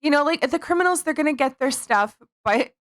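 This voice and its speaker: Lively sarcastic woman. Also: high-pitched, fairly quick, no echo, studio quality. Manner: sarcastic, giggly, rambling. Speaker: podcast host. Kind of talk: casual comedic political chat.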